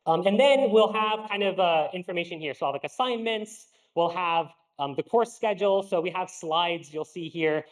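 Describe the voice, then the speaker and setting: A man's voice: high-pitched, moderate pace, few pauses, poor audio. A young man giving a university lecture in a casual way, with a lot of fillers and restarts. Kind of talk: classroom lecture. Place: lecture hall.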